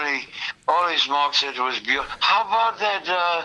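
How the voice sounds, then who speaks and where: A man's voice: fairly high pitch, animated, normal speed, pushed and bright, low-quality recording. A man, a Catholic priest, chatting casually with folksy old-fashioned exclamations. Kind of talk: casual chat.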